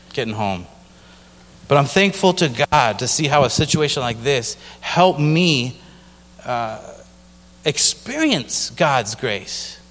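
A man's voice: mid-range voice, a bit bright. Man telling a testimony in an echoing hall. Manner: conversational storytelling, acts out others' voices. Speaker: missionary. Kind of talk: personal testimony in a sermon. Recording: long reverb of a large hall.

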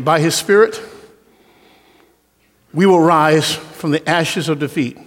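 High-pitched preacher guy, storytelling then shouting, big hall echo. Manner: storytelling, rising to impassioned shouts. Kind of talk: sermon. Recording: long hall reverb.

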